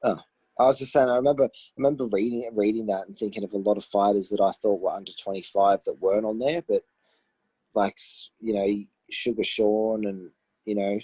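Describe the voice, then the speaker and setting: A man's voice: fairly low pitch, fairly even intonation, brisk, warm tone, husky, no echo, rough recording. An Australian man co-hosting a podcast over a remote call, chatting easily about fights. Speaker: podcast co-host. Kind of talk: casual sports chat.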